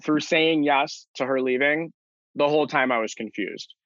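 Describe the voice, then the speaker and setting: A man's voice: a little high, normal speed, a bit bright, no echo, dull audio. A young man in an interview, recounting a personal story earnestly, with many fillers and restarts. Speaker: interview guest.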